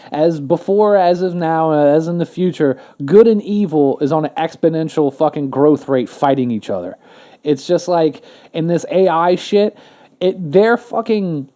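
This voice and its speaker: Rambling, profane man with a mellow voice. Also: on the high side. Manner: rambling, profane, full of fillers and restarts. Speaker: podcast co-host. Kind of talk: casual podcast chat.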